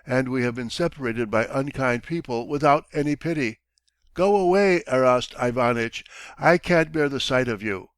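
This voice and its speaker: A man's voice: mid-range voice, moderate pace, clean tone, no room sound, close to an everyday voice. A man reading an audiobook, voicing a timid young barber who stammers and pleads. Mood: grieving. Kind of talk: audiobook character voice.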